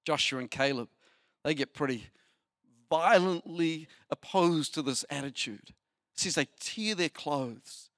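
A man preaching a sermon as pastor, animated, asking the listeners rhetorical questions. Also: a little high, a little slow, no echo, studio quality. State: short on sleep.

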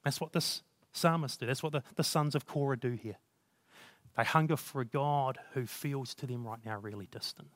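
A man's voice: medium pitch, normal speed, fairly bright tone, no echo. A man preaching a sermon in an earnest, conversational way, reading scripture aloud and reflecting on it.

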